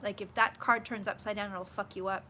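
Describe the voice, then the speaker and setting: A woman's voice: medium pitch, fairly even intonation, a little fast, bright, forceful tone, a little hiss or hum. A young woman hosting a casual live vlog from home, chatty and gushing, swearing freely as she reads viewer comments. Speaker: psychic vlogger. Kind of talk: casual live-stream chat.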